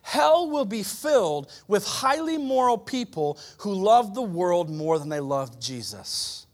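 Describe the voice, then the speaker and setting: A man with a high voice preaching to a congregation in a church. He drives points home with loud, emphatic lines, then drops to quiet, wry asides that keep the crowd with him. His delivery stays conversational even at full volume. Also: a little slow. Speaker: pastor. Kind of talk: sermon.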